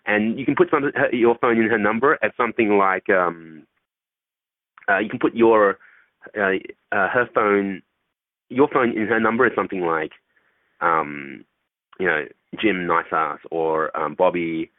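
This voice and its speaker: A man appears as a guest dating coach in a casual interview, talking loosely, swearing and acting out phone calls. His fairly low voice keeps a measured pace on a dry, tinny, phone-like line with no echo.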